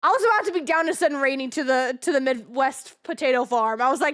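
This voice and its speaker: Very high-voiced excitable young woman. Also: fast talker, hardly any pauses. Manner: rambling, excitable, swears freely, repeats herself. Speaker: streamer. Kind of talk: casual live-stream chat.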